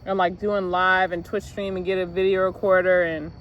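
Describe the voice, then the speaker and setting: A woman's voice: lowish voice, flat delivery, moderate pace, highs cut off, a little hiss or hum. A young woman vlogging while sitting outdoors in a parking lot, musing aloud in a loose, profane, laughing way. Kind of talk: rambling casual vlog.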